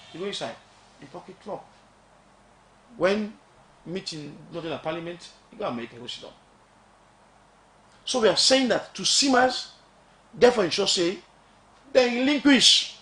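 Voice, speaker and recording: Sierra Leonean male lawmaker, slightly high voice, emphatic, rhetorical, echoey room. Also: a bit bright, slight background noise. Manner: emphatic, rhetorical questions, mixes Krio phrases. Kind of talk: radio talk.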